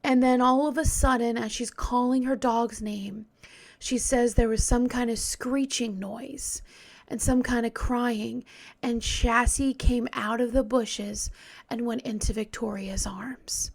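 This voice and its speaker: A woman telling a true crime story in a casual, hesitant way, often dropping into a hushed whisper. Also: on the high side, steady tone, unhurried.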